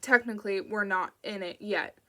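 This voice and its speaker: A woman playing a brisk, wry FBI agent. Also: mid-range voice, bright, forceful tone, lightly acted.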